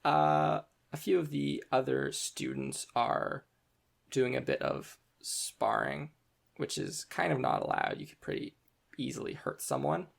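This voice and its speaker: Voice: mid-range voice, very animated, unhurried, creaky. A game master narrating a tabletop game in a casual way, with lots of ums and uhs. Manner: casual, filler-heavy narration with frequent ums.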